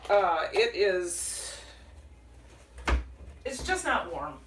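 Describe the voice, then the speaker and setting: A woman from Minnesota hosting a casual live cooking stream from her small home kitchen, chatty, rambling and quick to apologize. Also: lowish voice, big pitch swings, noisy background. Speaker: cooking livestream host. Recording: kitchen clatter of dishes and pans.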